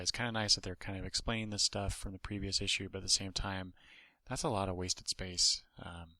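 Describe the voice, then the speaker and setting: Gravelly, low-voiced man rambling. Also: sharp tone, no room sound. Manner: rambling, with many restarts and asides. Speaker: podcast host and comic reviewer. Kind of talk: casual comic book review.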